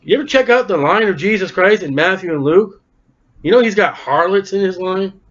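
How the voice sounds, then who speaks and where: A man's voice: high voice, lively intonation, a little fast, a bit bright. A man preaching a sermon, reading scripture aloud and breaking off for wry, folksy joking asides. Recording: dull lo-fi recording.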